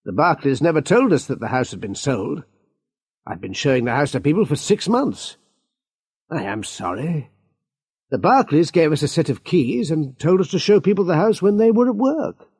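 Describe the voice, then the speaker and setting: A man's voice: a little high, sing-song, normal speed, darkish tone, slightly rough, no echo, clean studio sound, pitched above the performer's own voice, full character voice. A man voicing a flustered, polite male estate agent who keeps apologizing and hesitating. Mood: apologetic.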